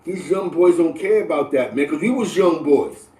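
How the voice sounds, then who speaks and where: A middle-aged New man with a fairly high voice hosts a casual livestream, lecturing his viewers in lively street slang. He keeps checking in with "you know what I'm saying". The voice sounds echoey, as if he sits well back from the mic in a bare room. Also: normal speed. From the Bronx, New York. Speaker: livestream host. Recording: roomy, distant from the mic.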